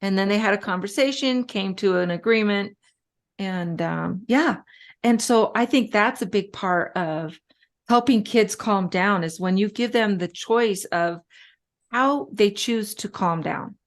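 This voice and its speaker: Her medium-pitched voice is unhurried. A middle-aged woman, a respiratory therapist, she's the guest in a relaxed interview, storytelling and chatty, dropping in frequent fillers.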